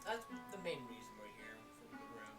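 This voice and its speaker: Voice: mid-range voice, very animated, a little fast. A player in a tabletop game over voice chat, easygoing and a little hesitant. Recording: distant and echoey with loud music.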